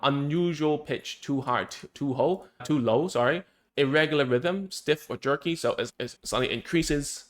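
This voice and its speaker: A man's voice: a little high, normal speed. A man, a speech therapist, explaining in a casual, conversational way, thinking aloud and often checking in with "right?" and "okay?".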